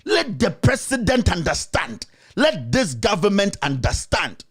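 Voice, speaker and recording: A man giving impassioned political commentary, urgent and repetitive, rising at times to shouts. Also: high voice, sing-song, measured pace, slightly rough.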